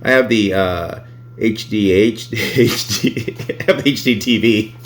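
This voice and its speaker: A man's voice: fairly low pitch, slow pace. A man chatting casually on a vlog, reading reviews aloud, laughing often and swearing freely.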